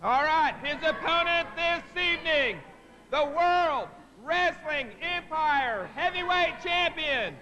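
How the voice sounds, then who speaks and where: A man announcing wrestlers in the ring with drawn-out, booming introductions. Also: pushed and bright, in a large hall.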